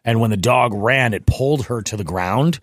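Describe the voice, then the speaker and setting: A middle-aged man talking loosely on a podcast, trailing through his story. His voice is mid-pitched and plain, and it sounds close and dry. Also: moderate pace, no room sound. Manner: relaxed, rambling, easy agreement. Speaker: podcast co-host. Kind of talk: casual chat.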